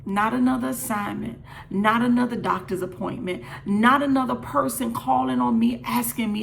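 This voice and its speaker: A woman's voice: fairly high pitch, moderate pace, vocal fry, few pauses, slight background noise. A middle-aged woman hosting a faith encouragement show, speaking earnestly and directly to listeners with repeated, building phrases. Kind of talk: midday devotional encouragement.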